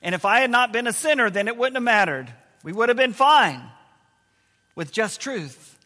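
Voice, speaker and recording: A man preaching a sermon as pastor, slowing down to stress key words and letting his voice fall low and quiet at times. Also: expressive. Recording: long hall reverb.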